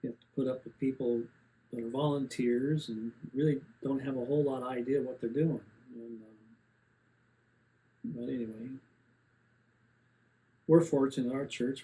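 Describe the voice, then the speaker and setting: A man's voice: medium pitch, dark tone, slight background noise, low-quality recording. A man in his seventies rambling plainly through a casual gear review, with many fillers and restarts. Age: 70s.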